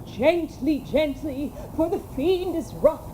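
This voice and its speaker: A woman's voice: sits high, animated, takes it slowly, noisy background. A woman playing a merry prankster in an outdoor stage play, laughing often. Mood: amused. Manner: amused, laughing, drawn out.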